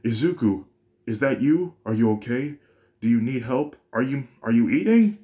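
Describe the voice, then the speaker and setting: A man's voice: low-pitched, fairly even intonation, darkish tone. A man voicing an anxious, doting mother who fires off worried questions at her son in a fan-made story. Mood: frantic worry. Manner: frantic rapid-fire questioning.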